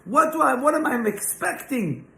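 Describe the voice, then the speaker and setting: High-voiced man teaching in an echoey room. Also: sing-song, normal speed, creaky, bright, forceful tone. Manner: emphatic, full of rhetorical questions and "right?" check-ins. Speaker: Kabbalah teacher. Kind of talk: informal spiritual lesson. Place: class room, live and online.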